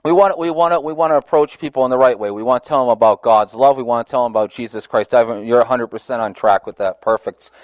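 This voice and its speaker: A man's voice: medium pitch, quick pace, hardly any pauses, dry recording, muffled recording. A man leading a Bible study discussion, earnest and conversational, often restarting his phrases.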